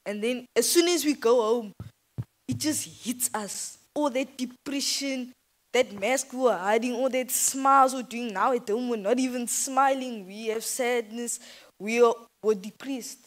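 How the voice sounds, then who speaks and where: A woman's voice: a little high, measured pace, poor audio. A woman gives an informal, earnest sermon as a youth speaker in church, talking conversationally and hesitantly.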